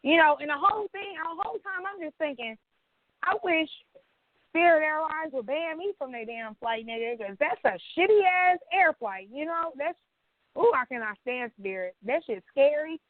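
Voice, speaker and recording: A woman's voice: high voice, expressive, moderate pace, no echo. A woman co-hosting a casual podcast, blunt and profane, laughing often, in her thirties. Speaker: podcast co-host. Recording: tinny phone-like sound, dry.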